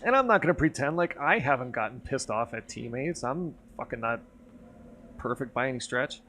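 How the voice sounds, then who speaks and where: A man's voice: mid-range voice, normal speed, a little hiss or hum. A man streaming and telling a rambling, profane story over a few drinks, getting worked up as he goes. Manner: rambling, profane, animated when riled. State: drinking, tipsy. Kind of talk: casual storytelling chat.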